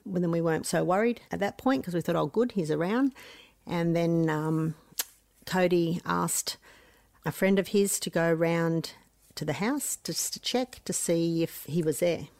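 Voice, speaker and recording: A woman's voice: on the low side, darkish tone, no room sound. A middle-aged Australian woman, a mother recounting events in an interview, speaking in an earnest, plain-spoken way. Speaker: mother of a missing man. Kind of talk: emotional interview recollection.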